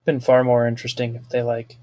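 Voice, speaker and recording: A man's voice: mid-range voice, monotone, fast, a little mellow, no room sound. A man co-hosting a podcast, giving dry, chatty commentary on what he is watching. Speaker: podcast co-host. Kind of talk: casual watch-along commentary.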